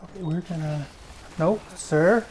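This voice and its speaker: A man giving casual gameplay commentary as a streamer. He chats freely, swears often and breaks into sudden loud exclamations. He talks while sitting in a desk chair at home. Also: a little high, unhurried, slight background noise. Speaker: gaming streamer.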